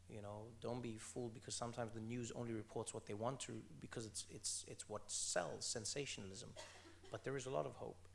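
A man's voice: mid-range voice, vocal fry, a little hiss or hum. A man in his thirties from South Africa with a South African accent, speaking onstage as an author guest in an earnest, emphatic way and repeating phrases for stress. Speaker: author guest at a book event. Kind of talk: onstage conversation.

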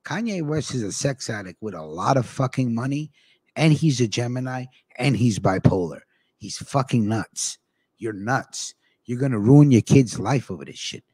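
A man's voice: mid-range voice, lively intonation, moderate pace, darkish tone, breathy edge, no room sound. A man hosting a casual podcast, talking in a rambling, profane way. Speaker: podcast host.

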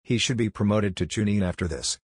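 A man's voice: on the low side, fairly quick, husky, dry recording, clean studio sound. A man reading a smirking ninja guard. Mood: impressed. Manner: impressed, casual.

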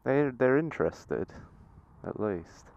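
Sweary biker on helmet-cam. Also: male voice, medium pitch, lively intonation, slow pace, gravelly, no echo. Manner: playful, sweary, talks baby-talk to cows. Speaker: motorcycle vlogger. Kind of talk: casual helmet-cam commentary. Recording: dull lo-fi helmet-cam audio.

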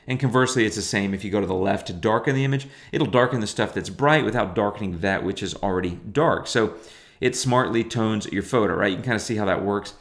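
A man's voice: fairly low pitch, fast. A middle-aged man teaching photo editing in a chatty, enthusiastic way, full of fillers. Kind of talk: casual software tutorial.

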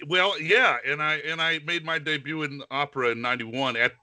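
Chatty, bright-voiced opera singer man. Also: a little high, steady tone. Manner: friendly, chatty, quick to laugh. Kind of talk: casual video-call chat.

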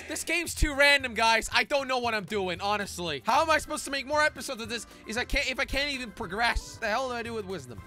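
A young man hosting a gaming channel, narrating his play in an excitable, jokey way with frequent laughs and sudden shouts. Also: sits high. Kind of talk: game commentary.

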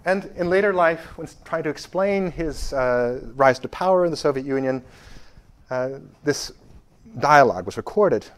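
A man giving a university history lecture, stressing key phrases loudly and dropping to quiet asides, with frequent fillers and restarts. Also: on the high side, expressive, normal speed.

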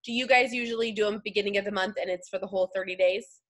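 A woman's voice: medium pitch, steady tone, racing, a bit bright. A young woman leading a casual coaching chat, upbeat and slangy. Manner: chatty, upbeat, slangy, puts on voices when quoting. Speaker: team leader hosting a call.

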